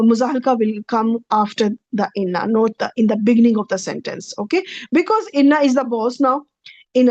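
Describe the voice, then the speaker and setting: A woman's voice: a little high, a little mellow, no room sound, highs cut off. Woman teaching over slides. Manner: patient, repeats and rephrases points, checks in with "okay". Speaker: Arabic grammar teacher. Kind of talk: recorded slide lecture.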